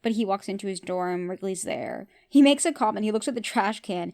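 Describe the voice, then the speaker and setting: A woman's voice: medium pitch, brisk, darkish tone. Chatty woman recapping a TV show. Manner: chatty, opinionated, asks the listener questions. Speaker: podcast host. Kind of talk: casual TV episode recap.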